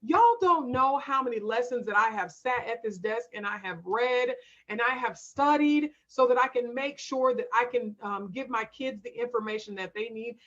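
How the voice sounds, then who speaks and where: A woman's voice: a little high, moderate pace, fairly bright tone, highs cut off. A woman coach hosting a live stream, emphatic and direct, calling her viewers y'all and reading out their comments.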